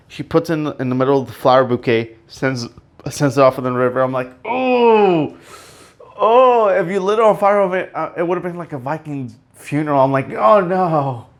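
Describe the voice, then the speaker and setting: A man hosting a casual solo podcast, rambling excitedly with many fillers and restarts and sudden emotional outbursts. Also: mid-range voice, brisk. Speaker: podcast host.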